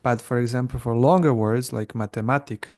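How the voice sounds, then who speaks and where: Male podcast co-host, gravelly voice, casual explainer. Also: mid-range voice, fairly even intonation, fairly quick, darkish tone. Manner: explains plainly, with fillers and restarts. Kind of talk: casual educational chat.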